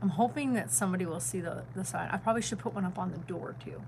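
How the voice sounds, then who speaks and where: A woman's voice: fairly low pitch, fast, darkish tone, a little hiss or hum, rough recording. A middle-aged woman who is a grandmother, chatting casually and emphatically on a home vlog. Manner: rambling, emphatic, opinionated. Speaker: vlogger and grandmother. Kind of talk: casual chat.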